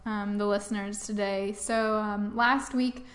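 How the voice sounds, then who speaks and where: A woman's voice: medium pitch, fairly even intonation, unhurried. A woman co-hosting a farm news talk show, reading news stories casually with fillers like um and like.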